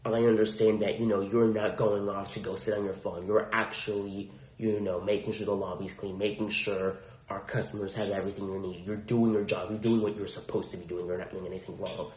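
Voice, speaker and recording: A man quoting a calm, kind male team lead at work in a soft, reassuring tone. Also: fairly low pitch, fairly quick, pitched below the performer's own voice, lightly acted. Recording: roomy echo.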